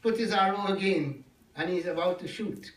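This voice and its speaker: A man's voice: sits high, moderate pace. A man telling a devotional story to an audience, often checking in with 'yes?' and 'no?'. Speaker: religious storyteller. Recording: echoey hall, mic far off.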